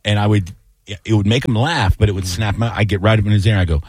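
A man hosting a casual sports radio talk show, telling animated, jokey stories and acting out quotes. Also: on the low side, fast, slightly rough, dry recording. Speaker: radio host and comedian.

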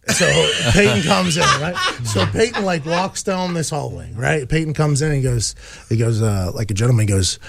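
A man's voice: lively intonation, normal speed, creaky, a bit bright, no echo, studio quality. A man telling a funny story on a talk show, acting out the quotes and tacking "right?" onto his lines. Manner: acts out quotes with big pitch jumps, fillers like "right?". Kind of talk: animated comedic storytelling.

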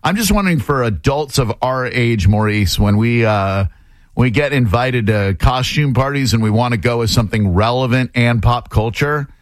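A man's voice: mid-range voice, normal speed, no room sound. Rambling, joking male radio host. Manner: joking, rambling, self-deprecating. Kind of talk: casual on-air interview. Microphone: studio microphone.

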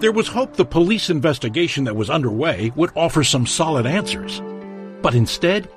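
A man narrating a true-crime documentary in a measured, dramatic storytelling manner. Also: on the high side, big pitch swings, music in the background.

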